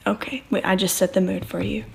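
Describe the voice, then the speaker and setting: A woman's voice: mid-range voice, flat delivery, brisk, creaky, a little mellow. A young woman co-hosting a casual vlog, teasing her partner playfully with lots of laughter. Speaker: vlog co-host. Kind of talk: casual chat.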